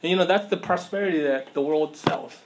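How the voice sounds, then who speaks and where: A man delivers a sermon in a relaxed, conversational style, tossing rhetorical questions to his listeners and leaning on everyday slang. His voice sits a little higher than most men's. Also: brisk, noisy background. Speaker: preacher.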